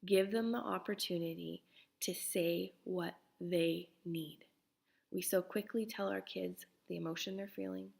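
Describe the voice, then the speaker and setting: Gravelly-voiced woman talking gently to parents. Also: on the low side, fairly even intonation, measured pace. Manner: earnest, gentle, drops to soft whispers. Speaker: parenting coach. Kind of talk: casual talk to parents.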